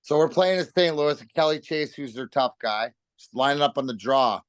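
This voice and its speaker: A man's voice: medium pitch, normal speed, no echo. A man in his fifties, a former pro hockey player, telling stories as a podcast guest, cursing freely and restarting his sentences. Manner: swearing, rambling with restarts, animated. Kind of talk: casual storytelling chat.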